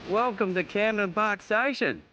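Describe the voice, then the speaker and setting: Cheeky aussie farmer bloke giving a tour, highish voice, joking around. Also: male voice, normal speed, dull audio, background noise. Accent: Australian. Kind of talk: casual banter on a tour.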